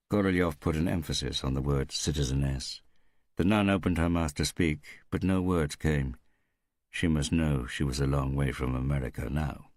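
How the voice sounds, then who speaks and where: A man narrating a crime audiobook in a steady, unhurried, scripted reading. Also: very deep voice, no room sound, clean studio sound.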